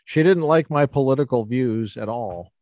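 A man's voice: medium pitch, normal speed, darkish tone, no echo, highs cut off. Male podcast host, playful and teasing, eager, medium voice, dry close sound. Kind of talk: casual interview talk.

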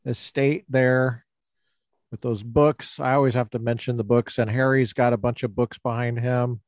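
A man's voice: mid-range voice, fairly even intonation, moderate pace, darkish tone, no room sound. A man hosting a podcast over a video call, jokey and teasing in his casual chat. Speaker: podcast host.

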